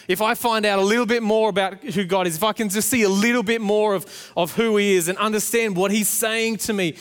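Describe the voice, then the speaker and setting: A man's voice: high-pitched, a bit bright. A man, preaching a sermon and telling a family story, acting out the playful quotes. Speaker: pastor. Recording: long hall reverb.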